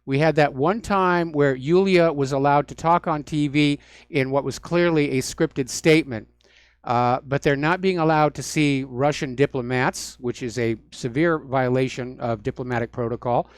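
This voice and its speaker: A man's voice: medium pitch, normal speed, smooth, dry recording. A man hosting a talk radio show, delivering solo commentary in a sardonic, mocking manner. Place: radio studio.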